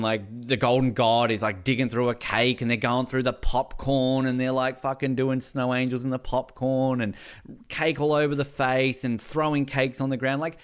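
An Australian man co-hosting a podcast, recapping a reality show in casual, excitable chat full of swearing and acted-out quotes. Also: medium pitch, clean tone. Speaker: podcast co-host.

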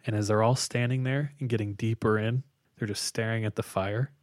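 A man co-hosting a podcast, casually retelling a spooky story with lots of fillers and a hushed tone for the eerie parts. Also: fairly low pitch, fairly even intonation, fairly quick, no echo, clean studio sound. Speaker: podcast co-host telling a story.

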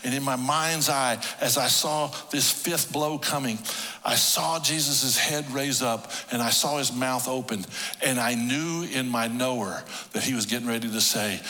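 A man's voice: mid-range voice, a little slow. Impassioned male preacher in a reverberant church. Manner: emotional storytelling, swings from hushed to shouting. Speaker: pastor. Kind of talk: sermon. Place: church hall.

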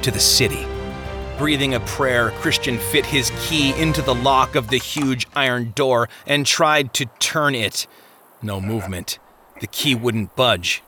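A man's voice: mid-range voice, a little slow. A man narrating an audiobook chapter with vivid, dramatic storytelling. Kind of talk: scripted narration. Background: music.

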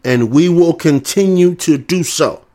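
Southern US male, combative monologue, swears freely, repeats himself, slightly raised pitch. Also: measured pace, warm tone. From American South. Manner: combative, repetitive, profane. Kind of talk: ranting monologue.

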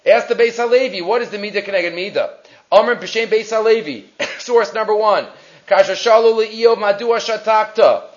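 Man, high voice, text lecture, reads and translates passages, rhetorical questions, muffled lo-fi sound. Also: moderate pace. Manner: asks and answers rhetorical questions. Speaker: Torah teacher. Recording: dull lo-fi recording.

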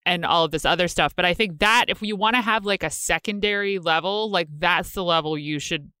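Brief: woman podcast co-host, bright and crisp, wry rambling chat, dry close mic. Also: fairly low pitch, fairly quick, no echo. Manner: rambling, self-interrupting, wry. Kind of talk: casual chat.

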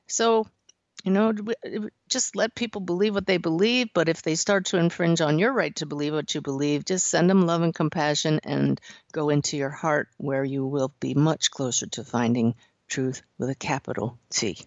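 Woman call-in host, low voice, gentle and earnest, dry dull radio sound. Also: steady tone, normal speed, dry recording. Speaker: radio show host taking callers. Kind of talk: spiritual call-in talk.

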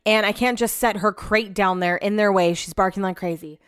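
A woman's voice: mid-range voice, fairly even intonation, moderate pace, fairly bright tone, clear, resonant tone, no echo, clean studio sound. A woman hosting a casual solo podcast, venting about her day and swearing freely as she rambles, recorded in her home office. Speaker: podcast host.

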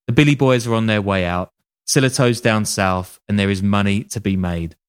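A man's voice: on the low side, moderate pace, smooth. A man telling a true-crime story casually on a podcast, with wry joking asides and casual swearing. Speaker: podcast host.

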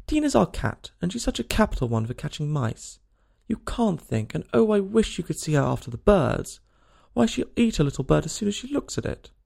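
A man's voice: high voice, very animated, a little fast, creaky, darkish tone, pitched above the performer's own voice, full character voice. A man voicing a polite, curious young girl in a storybook, speaking humbly and eagerly.

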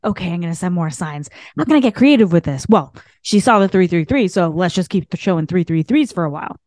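A woman voicing a giddy, excited spirit that cheers when its sign is noticed. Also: lowish voice, fast, no echo, clean studio sound, natural voice. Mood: gleeful. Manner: squealing, gleeful, triumphant.

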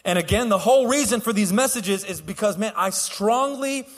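A pastor with a high-pitched male voice preaches a sermon at a moderate pace, the recording carrying a long hall reverb. He tells stories casually, restarting and laughing, before building to a fervent exhortation.

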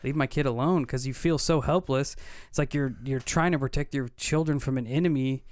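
A man's voice: mid-range voice, fairly even intonation, fairly quick, a little mellow, no echo. A man in his thirties, co-hosting a podcast and earnestly retelling a personal story, acting out the dialogue as he goes. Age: 30s. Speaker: podcast co-host. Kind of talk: casual storytelling.

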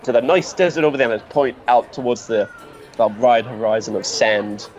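A man chats casually as a player in a tabletop game, cheerful and chatty. The recording is somewhat dull, and his pitch is ordinary for a man. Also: steady tone, moderate pace, darkish tone, faint music behind, some chatter behind.

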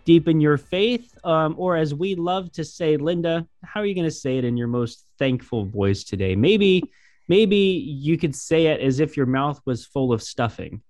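A man's voice: a little high, animated, normal speed, a little mellow, no room sound. A man co-hosting a church podcast, upbeat and playful, often restarting his sentences. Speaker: podcast co-host. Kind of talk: casual faith podcast chat.

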